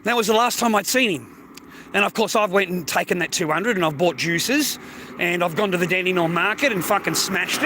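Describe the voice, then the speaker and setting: Older Australian bloke hosting a livestream, high and bright voice, foul-mouthed casual rambling, faint noise behind. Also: male voice. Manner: swears constantly, calls listener mate and bro. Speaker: livestream host. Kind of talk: casual rambling monologue to viewers.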